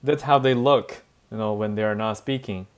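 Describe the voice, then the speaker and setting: A man teaching a class, telling anecdotes in an animated way and mixing in English. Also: lowish voice, normal speed, smooth. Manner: animated storytelling, switching between languages, frequent laughs and fillers. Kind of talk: bilingual classroom lecture with anecdotes.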